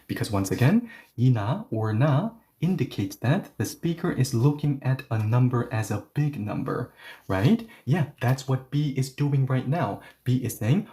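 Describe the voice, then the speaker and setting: A man's voice: mid-range voice, lively intonation, measured pace, warm tone. A man teaching an online language lesson, explaining step by step and often checking in with "right?".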